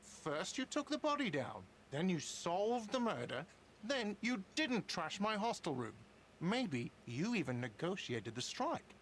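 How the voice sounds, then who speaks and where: Sneering game cafeteria manager, higher male voice, heavy sarcasm. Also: very animated, a little slow, fairly bright tone, a little hiss or hum, heavily acted, poor audio. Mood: sarcastic.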